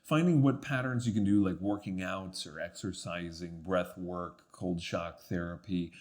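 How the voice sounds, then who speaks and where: A man's voice: low voice, moderate pace, a little mellow. A man as a podcast guest in casual conversation, talking reflectively with many fillers and restarts.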